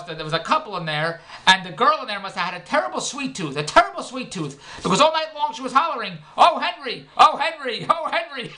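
Middle-aged man, bright-voiced joke-teller, loose and rambling, laughs at his own gags. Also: very high voice. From Philadelphia, United States. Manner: joke-telling, rambling, self-interrupting, laughs at himself. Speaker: vlogger and comedian. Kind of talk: rambling comedic vlog monologue.

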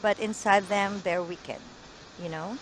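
A woman's voice: mid-range voice, steady tone, unhurried, a little hiss or hum, rough recording. A woman teaching an English lesson over a video call, encouraging and correcting pronunciation.

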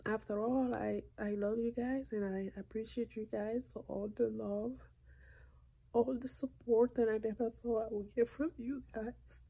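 A tearful woman vlogging on her phone at night, talking in a halting, soft voice that slips into whispers as she opens up. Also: on the high side, steady tone, gravelly, husky. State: tearful, crying. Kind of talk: emotional confessional vlog. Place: indoors at night. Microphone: phone held close.

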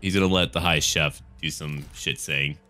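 An American man giving relaxed, jokey commentary over a strategy game as he plays, chatty and swearing casually. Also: extremely low pitch, normal speed. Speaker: gaming let's-play host.

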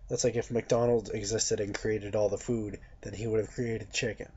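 A man's voice: on the low side, level tone, normal speed, darkish tone, breathy edge. A young man delivering a blunt, profane, mocking rant to camera as a vlogger. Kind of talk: ranting monologue to camera. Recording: dull lo-fi recording.

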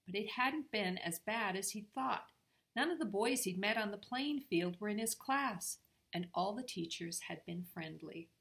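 An older grandmother reading a chapter book aloud to her grandchildren. She reads steadily and clearly. Her voice is bright and ringing. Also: mid-range voice, lively intonation, normal speed.

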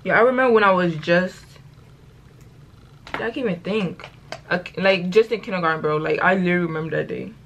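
Speaking a little fast with frequent pauses, a late-teen girl with a lowish voice vlogs as she gets ready at home, on lo-fi audio with slight background noise. She rambles through a slangy story, corrects herself often, and keeps addressing viewers as "y'all."

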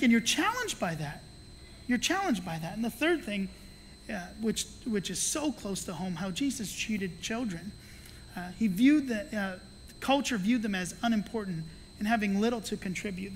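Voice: mid-range voice, moderate pace, long reverb tail, slight background noise. A pastor preaching a sermon, telling stories with energy and acting out the voices of the people in them, with playful asides. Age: adult with children. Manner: animated storytelling that acts out the voices of the people in the story. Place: church sanctuary.

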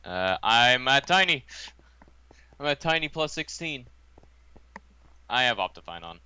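A teenage boy jokes his way through a game session with a friend. His voice is bright and forceful, with a smooth, clean tone. He talks in an easy, playful way. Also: mid-range voice, very animated, measured pace. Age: teens. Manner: playful, joking. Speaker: gamer. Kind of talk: casual gameplay chat.

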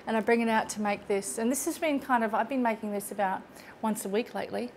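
A woman's voice: on the high side, quick pace, a little hiss or hum. A chatty woman hosting a casual cooking demonstration in her home kitchen, laughing often. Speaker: cooking show host.

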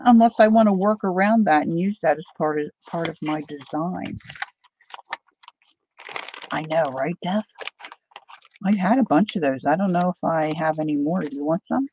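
A woman's voice: low-pitched, moderate pace, pauses often, warm tone, slight background noise. Chatty middle-aged woman, lo-fi recording. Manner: chatty, rambling storyteller, talks to viewers by name. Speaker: craft channel host. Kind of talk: casual livestream chat while crafting. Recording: dull lo-fi dry home recording.

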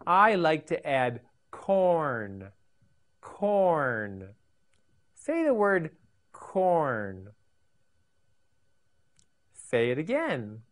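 Slow, sing-song woman teaching vocabulary. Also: low-pitched, wildly swooping pitch. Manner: slow, sing-song, repeats words for learners. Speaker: English teacher for children. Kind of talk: scripted vocabulary lesson.

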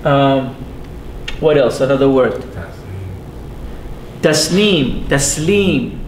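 A man teaching a class, patiently repeating sounds slowly and putting questions to his students. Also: lively intonation. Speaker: Arabic teacher. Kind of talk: classroom lesson. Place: mosque classroom. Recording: echoey room with faint rumble.

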